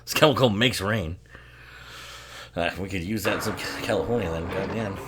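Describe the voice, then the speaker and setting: A man's voice: deep voice, moderate pace, fairly bright tone, slight background noise. A man giving casual, laughing commentary while watching a movie, swearing freely and rambling as he drinks bourbon. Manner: profane, laughing often, rambling.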